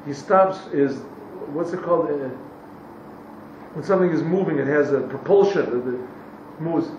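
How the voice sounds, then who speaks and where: A man teaches a class at an unhurried pace, translating a text phrase by phrase and stopping to hunt for the right English word. His somewhat high voice comes from well back from the mic in an echoey room. The recording is dull and lo-fi, with faint noise underneath. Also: a little mellow, far from the mic. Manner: pauses to search for English words.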